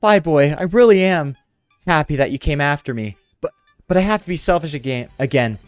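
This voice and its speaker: A man voicing a timid, earnest teenage girl from a game, pleading in a high falsetto while reading the dialogue aloud. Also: expressive, brisk, clean tone, dry recording, soft background music, lightly acted.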